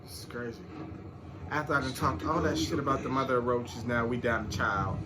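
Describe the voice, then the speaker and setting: A man's voice: medium pitch, fairly even intonation, brisk, background noise. A man reacting to a TV episode, ranting at the screen in exasperation and swearing freely. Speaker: reaction channel co-host. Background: show soundtrack music playing.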